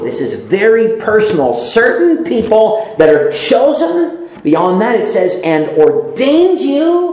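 A male preacher whose pitch swings widely as he works through scripture, climbing high on the words he stresses. His voice rings in a noticeably echoey room. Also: darkish tone. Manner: reads scripture aloud, then rises in pitch on repeated emphatic words. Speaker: pastor. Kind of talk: sermon.

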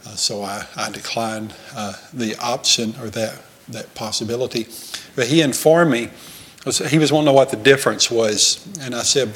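A missionary from Alabama tells a church about his work in a folksy, conversational Southern accent, using plenty of fillers, in a presentation that includes Q&A. His mid-range voice is steady and fairly bright, delivered at a moderate pace. There's slight background noise.

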